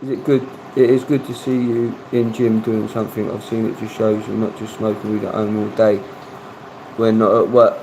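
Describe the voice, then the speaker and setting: A man's voice: lowish voice, little pitch movement, normal speed, gravelly, a little mellow, slight background noise, rough recording. Laid-back man chatting on a stream. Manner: laid-back, swears freely, reads chat aloud. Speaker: livestream host. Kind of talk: casual livestream chat.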